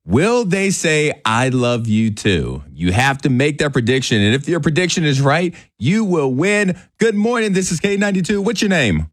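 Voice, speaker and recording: Male morning radio host, upbeat and quick, slightly high voice, dry studio mic. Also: very animated, no echo. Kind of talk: morning radio call-in game. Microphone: studio microphone.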